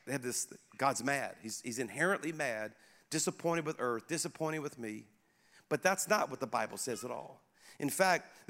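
A middle-aged male pastor preaching a sermon in a conversational, animated way, speaking directly to his congregation. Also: fairly high pitch. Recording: echoey hall.

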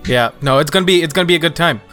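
A man's voice: a little high, rapid-fire, a bit bright, soft background music. A man hosting a casual podcast, talking loosely and hesitantly with many fillers and restarts. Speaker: podcast host.

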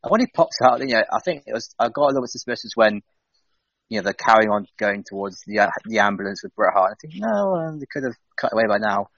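A man's voice: fairly low pitch, animated, fast, a bit bright, no room sound. A man co-hosting a casual podcast chat, talking with enthusiasm that builds as he goes, on a dull lo-fi recording. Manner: enthusiastic, building energy, laughs easily. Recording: dull lo-fi dry sound.

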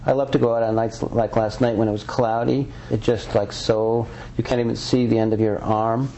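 A man's voice: medium pitch, level tone, normal speed, dark tone, slight background noise, rough recording. A man being interviewed as an author and researcher, talking earnestly and rambling with frequent restarts. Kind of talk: conversational interview.

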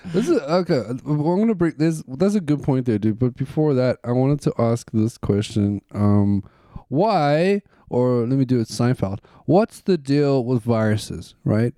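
A man with a dark, mellow voice trades crude jokes in loose podcast banter. The sound is dry and close, with no room around it. He riffs through comic bits at an easy pace. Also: medium pitch, lively intonation, normal speed, no echo. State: coughing. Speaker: podcast co-host. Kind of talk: casual chat.

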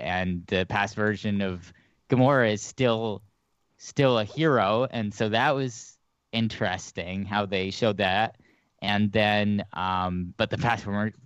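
Smooth-voiced man, measured and dry. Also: on the low side, dry recording, dull audio. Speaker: podcast panelist. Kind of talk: casual chat.

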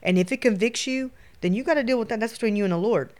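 A woman with a Louisiana Southern accent, an emphatic, animated storyteller talking as a podcast guest. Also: fairly high pitch, fast. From Shreveport, Louisiana, US. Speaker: guest, photographer. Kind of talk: casual podcast conversation.

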